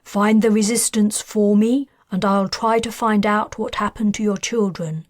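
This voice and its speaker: A woman voicing a smooth, scheming man of high society who bargains in clipped lines, in an audiobook. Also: fairly even intonation, unhurried, no echo, clean studio sound, close to an everyday voice. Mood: pleased.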